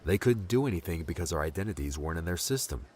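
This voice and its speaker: A man's voice: sits low, expressive, quick pace, darkish tone. A man voicing a young male adventurer who talks in an offhand, matter-of-fact way. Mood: wary.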